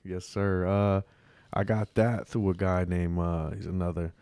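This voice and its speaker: Laid-back man, very low gravelly voice, dry close podcast mic. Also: flat delivery, unhurried, warm tone, no echo. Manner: laid-back, slangy, lots of "you know what I'm saying". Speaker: podcast guest. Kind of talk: casual interview chat.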